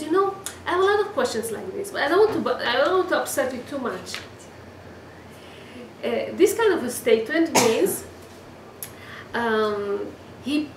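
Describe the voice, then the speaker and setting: High-voiced woman teaching. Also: a little hiss or hum. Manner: animated storytelling with many restarts. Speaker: Torah teacher. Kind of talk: weekly Torah class. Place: class room. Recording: echoey room, mic from a distance.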